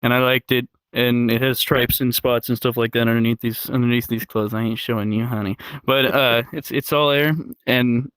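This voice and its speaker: A young man telling crude stories in casual chat, laughing often and yelling out the lines he quotes. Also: mid-range voice, little pitch movement, moderate pace, hardly any pauses, clean tone, no echo. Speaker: comedian guest. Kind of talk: casual storytelling.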